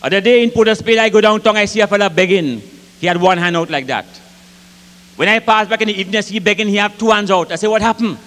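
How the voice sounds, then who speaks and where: A Grenadian man doing comic storytelling onstage at a live concert, lively and rich in dialect, acting out the voices in his tales. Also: sits high, fast. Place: concert hall with audience. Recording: live concert hall reverb, faint ambience.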